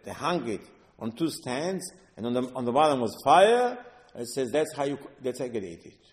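A man with as his gives a Torah lesson as a rabbi, and his voice rings with long reverb through a hall. He tells the stories with animation, slipping into the voices of the figures. His pitch sits at an ordinary middle. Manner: animated storytelling, acting out voices of sages. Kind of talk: Torah lecture.

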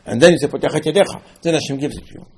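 A man's voice: fairly high pitch, racing, a little hiss or hum. A man giving a Torah class sermon, telling stories and acting out dialogues with rising emphasis. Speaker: rabbi.

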